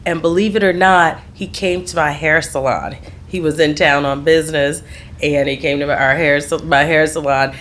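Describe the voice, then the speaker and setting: A woman's voice: deep voice, fairly even intonation, moderate pace, fairly bright tone, a little hiss or hum. A middle-aged woman, a podcast guest, telling her life story in candid conversation and laughing easily. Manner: laughs readily, trails off and restarts.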